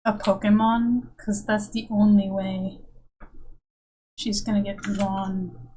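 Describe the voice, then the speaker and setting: A woman's voice: medium pitch, level tone, slow, dark tone, slight background noise, rough recording. A woman streamer and comic artist in casual, rambling live-stream chat with her viewers, self-mocking and chatty.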